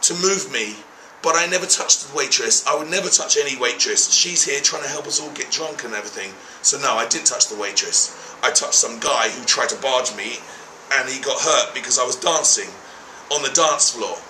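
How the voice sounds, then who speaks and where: A man's voice: medium pitch, moderate pace, reverberant, slight background noise, poor audio. A man telling a story casually, swearing freely and acting out the people in it. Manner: animated, profane, acts out quoted people. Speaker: travel documentary host.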